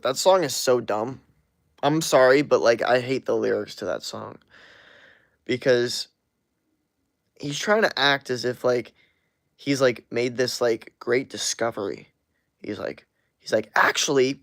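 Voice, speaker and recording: A man's voice: medium pitch, normal speed, creaky, dry recording, studio quality. A man streaming live and reading out his chat, blunt and profane, laughing often. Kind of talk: casual livestream chat.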